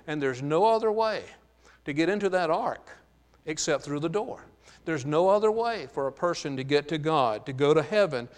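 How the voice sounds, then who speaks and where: A male preacher delivers a Bible sermon in a deliberate, emphatic cadence, pausing on key words and filling gaps with "uh." His voice sits a little high for a man. The recording carries a long reverb, as in a large church hall. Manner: slow, emphatic Bible teaching with frequent "uh" fillers.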